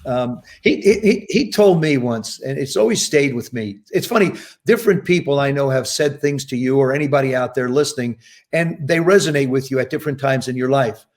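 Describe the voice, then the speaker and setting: This is a casual storytelling interview with a podcast guest, a man in his seventies from New Jersey. Speaking fairly quickly at a medium pitch, he spins long anecdotes and performs the voices of those he quotes with animated emphasis.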